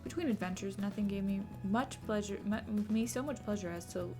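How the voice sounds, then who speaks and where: A woman's voice: medium pitch, a little fast, music in the background, voice pushed down, lightly acted. A woman voicing a wandering storyteller who fondly reminisces about an old friend. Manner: fond, reminiscing narration.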